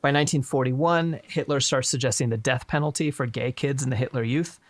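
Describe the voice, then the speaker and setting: A man's voice: medium pitch, steady tone, fairly quick, dry recording. A man hosting a live stream, chatting casually about history with irreverent, profane jokes. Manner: irreverent, profane, joking asides. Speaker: stream host.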